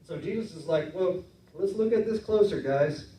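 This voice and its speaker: A man preaching a sermon in a relaxed, conversational way, acting out the voices of his listeners. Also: sits high, normal speed. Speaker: pastor. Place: church sanctuary. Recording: roomy church sound from a distance.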